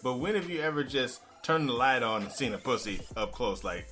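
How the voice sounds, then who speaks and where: Male podcast co-host, lively swooping pitch, bright voice, quick jokes. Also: faint music behind. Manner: animated, jokey, laughs loudly. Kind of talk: casual chat.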